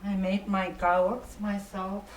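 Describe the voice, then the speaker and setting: An older woman, reminiscing softly with frequent pauses and warm laughs. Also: medium pitch, level tone. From Inuvialuit Settlement Region, Canada. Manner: soft-spoken, pauses often, laughs warmly. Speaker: Elder storyteller. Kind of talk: relaxed reminiscing. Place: workshop room. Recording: echoey room, distant mic, faint hum.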